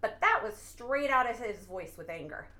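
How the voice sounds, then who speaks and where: High-voiced woman sharing an excited testimony. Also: moderate pace. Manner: animated, bursts into laughter and exclamations; earnest, preachy. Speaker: podcast guest. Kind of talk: excited faith testimony chat.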